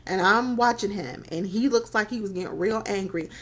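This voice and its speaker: A woman in her thirties frankly telling a personal story on her vlog, animated and laughing between phrases. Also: mid-range voice, normal speed. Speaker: vlogger. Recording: dull lo-fi recording.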